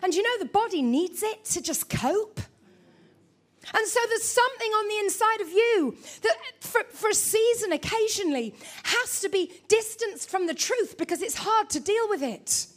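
A woman with a very high voice preaches in a lively, joking way, teasing the congregation as she goes. She sounds middle-aged and speaks from the front of a church. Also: moderate pace. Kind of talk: sermon.

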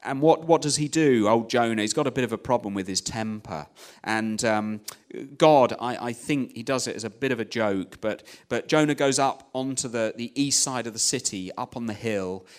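A man's voice: medium pitch, moderate pace. A man preaching a conversational sermon, retelling a story with many "you know" asides. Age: adult, young child at home.

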